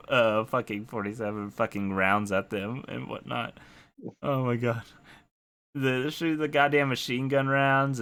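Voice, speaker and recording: A young man with a bright, forceful voice rants on a casual podcast, swearing freely. He sounds exasperated and keeps breaking into laughs of disbelief. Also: medium pitch, clear, resonant tone. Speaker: podcast host. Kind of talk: casual anime review rant.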